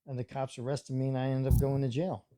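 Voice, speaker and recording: A man's voice: medium pitch, flat delivery, quick pace, a crowd in the background. A man in his forties chatting casually on a live stream, telling a story and acting out the voices he quotes.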